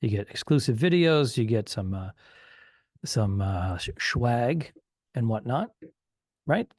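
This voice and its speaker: A man with a mid-pitched voice, co-hosting a podcast in relaxed, casual banter. He drops wry jokes in an easygoing way. The sound is dry and close. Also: slow pace, no echo. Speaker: podcast co-host.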